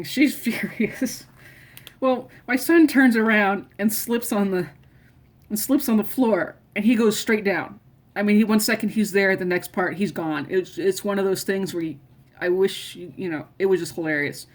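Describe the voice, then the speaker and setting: A middle-aged woman casually telling family stories, rambling and often restarting her sentences. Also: mid-range voice. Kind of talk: casual personal storytelling.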